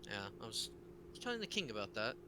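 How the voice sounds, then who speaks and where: A man's voice: fairly low pitch, quick pace, slight background noise. A man narrating as dungeon master of a tabletop game, describing scenes and voicing characters. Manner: lively narration with voiced characters.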